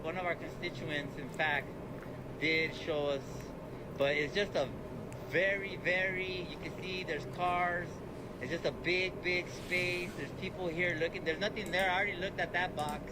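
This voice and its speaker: A man speaking outdoors at night at a search site, halting and repeating his words. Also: sits high, steady tone. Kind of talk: on-site video clip. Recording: loud outdoor background noise.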